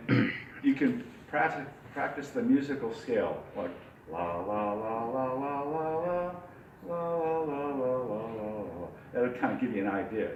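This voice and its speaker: A man's voice: fairly low pitch, distant mic, highs cut off, a little hiss or hum. A man teaching a ventriloquism workshop in a chatty, folksy, demonstrative way. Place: workshop room. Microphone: distant from the mic. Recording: echoey room from afar, faint background.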